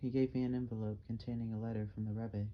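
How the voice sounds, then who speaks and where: Man reading in a flat, even voice. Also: medium pitch, quick pace. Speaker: audiobook narrator. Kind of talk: scripted narration. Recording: dull, slightly muffled with faint hiss.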